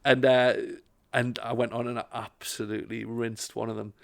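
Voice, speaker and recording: Laughing comedian. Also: male voice, medium pitch, normal speed, vocal fry. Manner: laughing, animated anecdotes with acted-out voices. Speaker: stand-up comedian guest. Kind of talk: casual storytelling chat.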